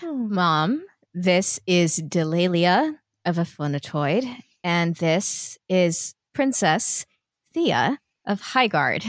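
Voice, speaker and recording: A woman voicing a very tall young male gnome in a tabletop role-play, speaking gently and a bit sheepishly. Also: lowish voice, very animated, extremely slow, dry recording, clean studio sound, voice pushed down, exaggerated voice. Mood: reassuring.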